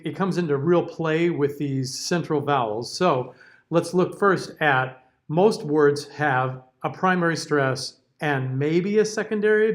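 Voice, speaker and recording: Man teaching diction, a bit high. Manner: patient, conversational, models sounds aloud. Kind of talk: classroom lecture.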